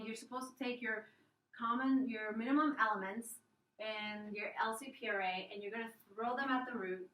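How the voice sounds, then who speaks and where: A woman's voice: medium pitch, bright, forceful tone, roomy sound, distant mic, poor audio. A young woman, a student presenter, casually explaining an algorithm step by step over slides, with fillers and restarts. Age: young adult.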